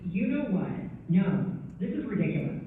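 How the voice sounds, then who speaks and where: A man's voice: high voice, big pitch swings, normal speed, slight background noise. Melodramatic synthetic man, tinny far-off hall echo. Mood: exasperated. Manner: melodramatic complaining. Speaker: AI voice agent in a customer service demo. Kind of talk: scripted customer service role-play. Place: conference hall, played over speakers. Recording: echoey phone-like speaker playback in a hall, from afar.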